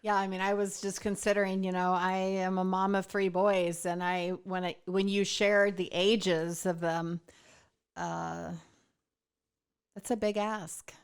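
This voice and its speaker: A woman's voice: mid-range voice, level tone, a little slow, clear, resonant tone. A woman hosting an interview, reflecting back on what her guest says in a thoughtful, affirming way. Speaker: host. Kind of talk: interview conversation.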